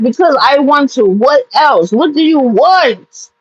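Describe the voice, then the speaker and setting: High-voiced woman in a heated rant. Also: expressive, takes it slowly, no room sound, muffled recording. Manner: blunt, profane and heated. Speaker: vlogger telling a personal story. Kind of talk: storytime rant.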